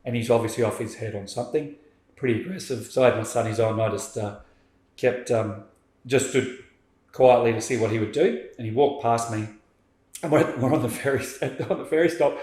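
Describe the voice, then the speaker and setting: A man, a podcast guest telling a story in lively conversation and acting out what people said. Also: medium pitch, brisk. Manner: animated, acts out quoted speech. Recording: roomy echo.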